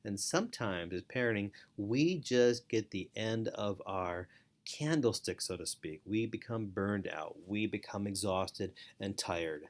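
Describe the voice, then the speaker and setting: A middle-aged man with a fairly low voice speaks unhurriedly as a foster parent and parenting educator. His earnest instructional talk to parents repeats key phrases for emphasis.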